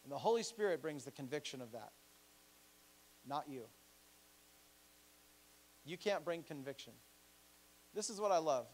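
A male pastor preaching a sermon in a church, animated and joking, acting out the voices he quotes. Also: a little high, measured pace, long pauses, a little hiss or hum.

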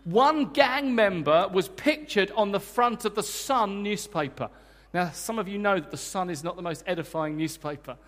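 A man preaching a sermon to a congregation, energetic and emphatic, joking with the crowd between points. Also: high-pitched, normal speed. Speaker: guest preacher. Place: church hall. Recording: long church hall reverb.

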